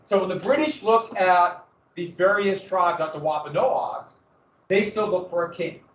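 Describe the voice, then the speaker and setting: A man's voice: high-pitched, normal speed, a bit bright, far from the mic, slight background noise. A man teaching a history class in a casual lecture, with joking asides and dramatic emphasis. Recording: echoey, muffled classroom recording from afar.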